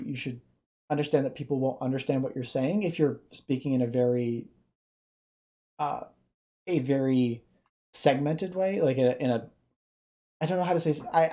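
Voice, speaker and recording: Mellow, tired-sounding streamer, hesitant casual commentary, mid pitch. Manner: low-energy, hesitant, many restarts. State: subdued and tired. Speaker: reaction streamer.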